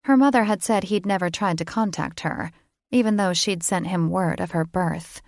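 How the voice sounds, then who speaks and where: A woman narrating a fantasy romance audiobook in a measured, steady way. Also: fairly low pitch, gravelly, no room sound, clean studio sound. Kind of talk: scripted narration.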